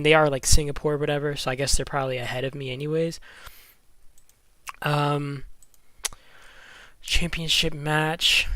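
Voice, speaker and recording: A man's voice: a little high, pushed and bright, no echo. A man talking casually about a mobile game event, thinking aloud as he goes, often stumbling over his words. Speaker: gaming YouTuber.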